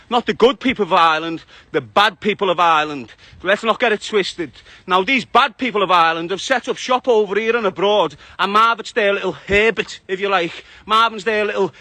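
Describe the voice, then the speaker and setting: High, bright-voiced man ranting. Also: no echo. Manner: passionate, ranting, heavy swearing. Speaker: live stream host. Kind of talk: angry monologue on a live stream. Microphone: phone.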